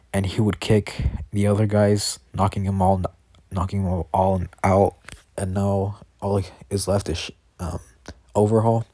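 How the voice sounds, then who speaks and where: Low, husky guy rambling through a story. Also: darkish tone, no room sound. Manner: rambling, filler-heavy, frequent self-corrections. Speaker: fan storyteller. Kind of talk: improvised fan-fiction narration. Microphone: computer voice-chat mic.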